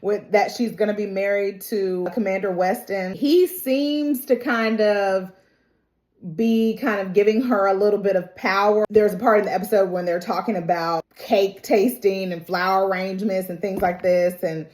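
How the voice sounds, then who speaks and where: A woman hosting a TV reaction channel, recapping an episode in casual, animated, emphatic storytelling. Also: mid-range voice, moderate pace. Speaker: TV reaction host. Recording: roomy echo.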